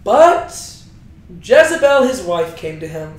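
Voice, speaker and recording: A young man with a high voice gives a casual, chatty Bible lesson at a slow pace, his pitch swinging widely as he keeps tagging lines with "right?" The room is very echoey.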